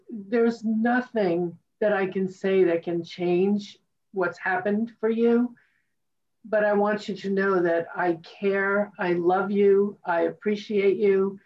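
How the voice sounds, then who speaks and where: A woman talk show host speaks slowly and with feeling, full of appreciation for her guest. Her voice sits at a middle pitch. The sound is dull and lo-fi, with her a bit far from the mic. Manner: slow, emotional, appreciative. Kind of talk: interview conversation.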